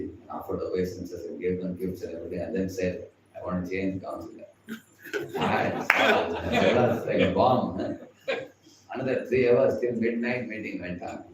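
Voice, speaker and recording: A man's voice: low voice, slight background noise. A man with an Indian English accent giving a chatty devotional class, laughing often and acting out the people he quotes. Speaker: spiritual teacher. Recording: echoey hall, far from the mic.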